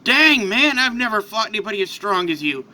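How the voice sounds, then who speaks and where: A man's voice: high voice, moderate pace, pushed and bright. A man voicing a strong, friendly male superhero who talks in an earnest, bold way.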